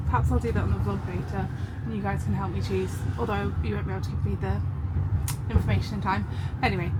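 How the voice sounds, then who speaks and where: A woman, chatting casually to camera in an upbeat vlog, her voice hoarse from coughing. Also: medium pitch. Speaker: vlogger. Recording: loud background noise.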